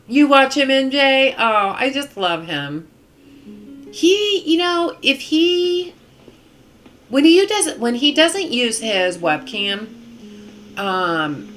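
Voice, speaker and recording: A woman's voice: a little high, fairly bright tone. A middle-aged woman chatting casually on a live game stream, rambling along with many ums and restarts.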